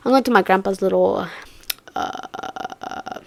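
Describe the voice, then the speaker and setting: A young woman telling a story casually, swearing and slangy, jumping from loud outbursts to hushed murmurs. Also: mid-range voice, a little fast. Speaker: vlogger.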